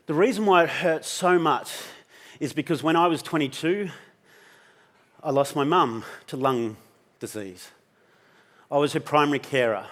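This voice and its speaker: A man's voice: a little high, normal speed, long pauses, fairly bright tone. Intense Australian man telling a story. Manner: intense, emotional, swears freely. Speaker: keynote speaker. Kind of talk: personal storytelling talk.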